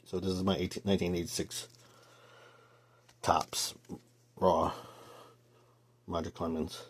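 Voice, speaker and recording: A man's voice: low voice, level tone, measured pace, husky. A man, a grandfather, telling a rambling story about his card collection in a casual vlog, with many fillers.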